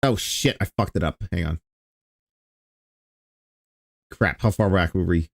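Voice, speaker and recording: Sarcastic low-voiced man mocking a video. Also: fairly quick, creaky, no echo, clean studio sound. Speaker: streamer reacting to an old video. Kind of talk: casual reaction commentary.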